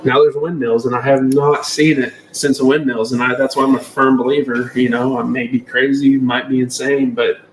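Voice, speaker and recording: Male podcast co-host, roomy sound, faint noise, animated storyteller. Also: medium pitch, normal speed, few pauses. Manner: animated storyteller, acts out quotes. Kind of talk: casual hunting chat.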